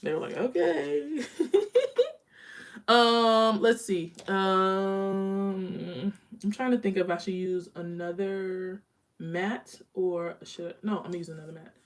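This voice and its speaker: A woman's voice: on the low side, fairly even intonation, a little slow. A young woman chatting candidly during a live makeup stream at home, talking while she applies eyeshadow. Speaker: beauty vlogger. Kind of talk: casual live makeup chat.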